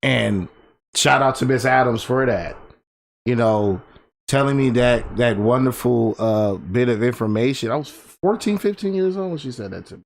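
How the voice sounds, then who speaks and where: A man in his thirties co-hosting a podcast, telling stories in a rambling, animated way and laughing often. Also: medium pitch, normal speed, creaky. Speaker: podcast co-host. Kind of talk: casual storytelling chat. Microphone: desk microphone.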